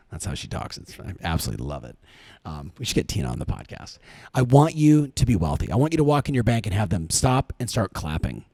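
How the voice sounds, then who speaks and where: Middle-aged male podcast host, warm and dry, energetic motivational coach. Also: on the low side, fast talker, no room sound. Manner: energetic, coaching, asks rhetorical questions.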